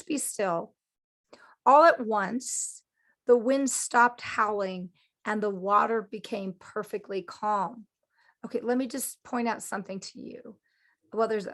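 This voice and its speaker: A woman hosting a podcast and teaching in a conversational sermon style, animated and often checking in with her listeners. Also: a little high, vocal fry. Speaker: Christian teacher and podcast host.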